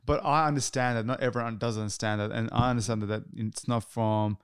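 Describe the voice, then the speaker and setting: A man's voice: mid-range voice, fairly even intonation, fast talker, smooth, no echo, studio quality. A man hosting a podcast, talking earnestly in a casual chat, repeating and restarting his words often. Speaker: podcast host.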